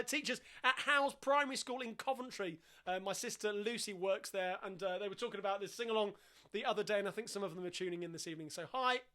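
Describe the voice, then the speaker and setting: A man with a Cockney accent hosting a live-streamed singalong from home, chatting in an upbeat way between songs. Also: sits high. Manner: chatty, upbeat, giving shout-outs. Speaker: singalong host and pub pianist. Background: piano.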